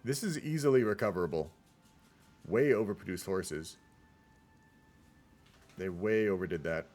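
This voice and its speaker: A man's voice: low-pitched, animated, normal speed, a little mellow, faint music behind. Chatty man casting a strategy game. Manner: chatty, rambling, says "y'all". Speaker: game caster. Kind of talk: casual multiplayer game commentary.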